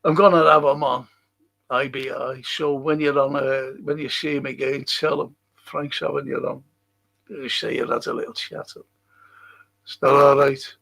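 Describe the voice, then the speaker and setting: A man's voice: mid-range voice, little pitch movement, moderate pace, vocal fry, a bit bright. A man hosting a casual late-night livestream in a rambling, sweary way and chuckling to himself, speaking into a computer mic at a desk. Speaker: livestream host.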